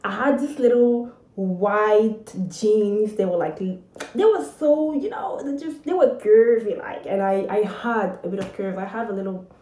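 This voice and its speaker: A young adult woman telling a personal story to camera in a chatty, dramatic way, with lively asides. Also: mid-range voice, measured pace, reverberant, low-quality recording. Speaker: vlogger.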